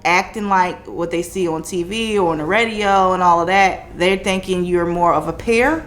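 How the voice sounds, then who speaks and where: A woman with a fairly low voice co-hosting a relaxed podcast. She mostly answers with short prompts and, when she does take the floor, sums things up in a thoughtful, measured way. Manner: short prompting replies, then thoughtful summing up. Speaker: podcast co-host, business consultant. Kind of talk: casual podcast chat.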